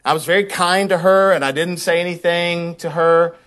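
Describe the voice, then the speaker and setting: Preaching from the pulpit, a pastor tells a personal anecdote with conversational energy, echoing words as he grows fired up. He has a high-pitched, clean voice and talks at normal speed.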